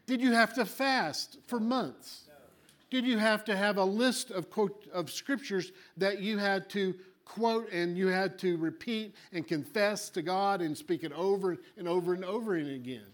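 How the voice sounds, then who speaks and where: A high-voiced preacher takes an unhurried pace through his sermon, animated throughout. He voices little characters and moves back and forth between loud and soft.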